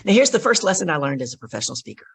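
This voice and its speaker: A middle-aged woman, a guest on a podcast, telling an animated story and acting out the dialogue in it. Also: low voice, very fast, gravelly, breathy edge. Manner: acts out the dialogue in her stories. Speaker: podcast guest, professional speaker.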